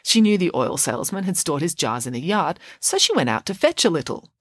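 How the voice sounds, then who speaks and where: A woman reads a bedtime story aloud with expressive, animated delivery, her voice rising and falling with the tale. The recording is dry and close, with no room sound. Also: on the low side, fairly quick, husky, no room sound.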